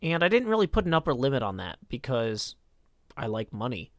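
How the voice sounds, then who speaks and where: A man's voice: mid-range voice, very animated, brisk, no room sound, studio quality. A man live-streaming a game, reading chat messages aloud and answering them in a wry, self-deprecating way.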